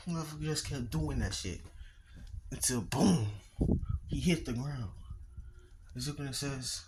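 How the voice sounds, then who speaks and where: A man's voice: mid-range voice, normal speed. Man rambling through a fan story. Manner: rambling, with restarts and profanity. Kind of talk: casual story narration. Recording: noisy with clicks.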